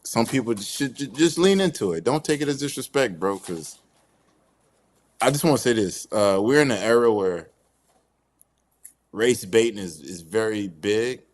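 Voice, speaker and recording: A man's voice: lowish voice, lively intonation, normal speed, pauses often. A man talking as a wrestler guest in a casual interview, laid-back and slangy, calling the host "bro".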